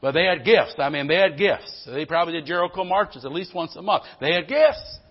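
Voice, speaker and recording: Male preacher, emphatic sermon delivery, somewhat high voice, husky tone, dull lo-fi church recording. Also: animated, fairly quick. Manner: emphatic, calls out "Amen?" to the congregation; swings between loud bursts and quiet low passages.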